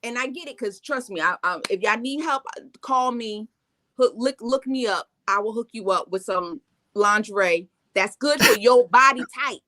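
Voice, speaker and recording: Bright high-voiced woman telling stories. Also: normal speed. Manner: animated storyteller acting out quotes. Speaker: co-host. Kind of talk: casual chat recapping reality TV.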